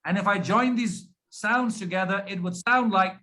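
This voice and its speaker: A man teaching pronunciation over a video call, stretching out words slowly and patiently to demonstrate stress. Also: sits high, sharp tone, rough recording. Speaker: pronunciation coach. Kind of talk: online speaking lesson.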